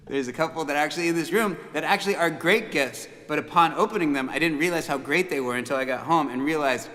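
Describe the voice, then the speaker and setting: A man's voice: on the high side, quick pace, bright, forceful tone. Chuckling man in a reverberant room. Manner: rambling, chuckling, with frequent fillers and restarts. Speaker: musician hosting a livestream. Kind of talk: casual storytelling chat. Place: room called the bunker. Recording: long reverb.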